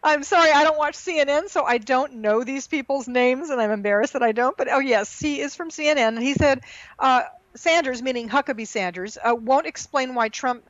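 A woman co-hosting a casual political chat show, animated, reading tweets aloud and laughing at her own slips. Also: sits high, fairly quick, no echo. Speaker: podcast co-host. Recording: dull lo-fi sound.

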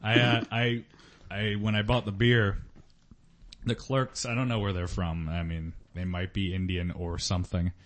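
A man's voice: sits low, level tone, moderate pace. A man in casual comedy chat, laughing often and telling rambling stories.

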